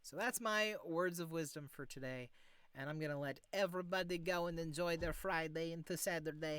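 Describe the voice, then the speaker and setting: A man streaming, chatting casually at the end of his stream, rambling with lots of fillers and gently encouraging his viewers. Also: on the high side, brisk, clean tone, no echo. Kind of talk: casual stream sign-off chat.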